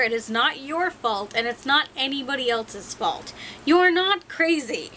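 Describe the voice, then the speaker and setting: A woman's voice: high voice, pushed and bright, slight background noise, poor audio. A young woman talking frankly to the camera in a rambling, self-mocking way. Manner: rambling, frank, laughs at herself. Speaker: vlogger. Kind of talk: casual talk to camera.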